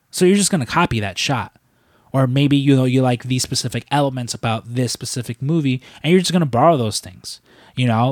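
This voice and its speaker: A young man hosting a podcast, telling stories in a rambling, profane, animated way. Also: medium pitch, no echo, clean studio sound. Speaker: podcast host. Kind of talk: casual chat.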